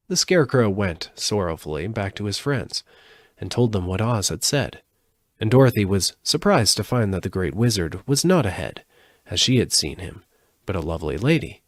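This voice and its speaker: A man reading a storybook aloud live, expressive, with occasional slips and restarts. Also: on the low side, normal speed, no echo. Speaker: audiobook reader.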